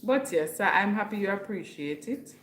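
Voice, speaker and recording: A woman's voice: medium pitch, expressive, moderate pace, a bit bright, reverberant, a little hiss or hum. Chatty Jamaican woman hosting a livestream. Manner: chatty, reads viewer comments aloud. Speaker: livestream host. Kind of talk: casual livestream chat.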